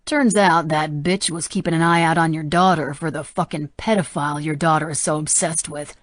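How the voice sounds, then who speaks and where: A jittery young man , as a woman narrator voices him, spits out sneering, crude threats in an audiobook. His delivery is menacing and unstable. The voice sits fairly low and the recording is close and dry. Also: steady tone, a little fast, dry recording, natural voice. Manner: sneering, foul-mouthed threats.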